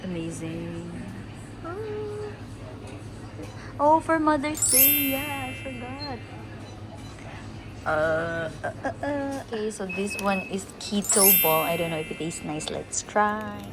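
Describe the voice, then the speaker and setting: Unhurried chatty woman on a noisy street. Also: medium pitch, expressive. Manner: chatty, giggly, exclaims often. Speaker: vlogger. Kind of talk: casual travel vlog. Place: outdoors on a busy street and in shops. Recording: loud street noise.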